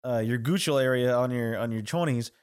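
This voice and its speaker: A man's voice: mid-range voice, brisk, smooth. A man co-hosting a podcast, telling crude stories with lots of swearing and laughter. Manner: profane, storytelling, laughs often. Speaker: podcast co-host. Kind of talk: casual crude chat.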